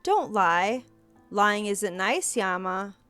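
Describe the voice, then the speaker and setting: A woman puts on a prim, scolding male teacher from a story game, slow and pompous in his lecturing. His voice swoops up and down as he talks down to his class, with faint music underneath. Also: medium pitch, lively intonation, fairly bright tone, clean tone. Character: stern pompous male schoolteacher.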